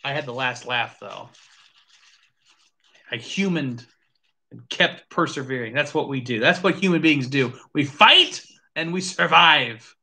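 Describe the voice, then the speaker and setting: A host casually chatting through a live whiskey tasting, animated, thinking aloud and swearing now and then. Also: medium pitch, unhurried, creaky, long pauses.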